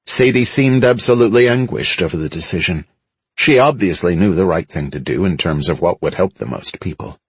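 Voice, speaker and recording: Low husky male audiobook narrator. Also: fairly quick, no room sound. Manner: steady storytelling with dramatic lifts. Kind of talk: first-person scripted narration.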